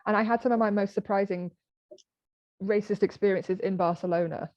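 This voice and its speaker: British woman, 30s, animated storyteller guest, dry lo-fi recording. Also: medium pitch, brisk, no room sound. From Britain. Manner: animated storytelling, acting out quoted exchanges. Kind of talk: conversational interview.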